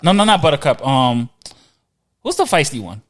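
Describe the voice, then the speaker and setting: A man's voice: on the high side, sing-song, moderate pace. A man hosting a podcast in casual chat, rambling along and restarting his sentences. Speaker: podcast host.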